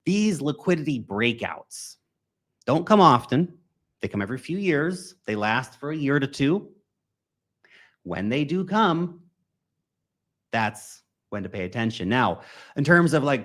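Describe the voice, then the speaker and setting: Slangy energetic male crypto host. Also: on the high side, measured pace, long pauses. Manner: energetic, slangy, chatty, swings loud and soft. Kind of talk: casual livestream commentary.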